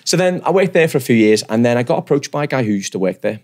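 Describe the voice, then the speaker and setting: A man, telling stories as a podcast guest in an animated, self-deprecating, rambling way. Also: mid-range voice, quick pace. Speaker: guest barber. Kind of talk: casual podcast storytelling.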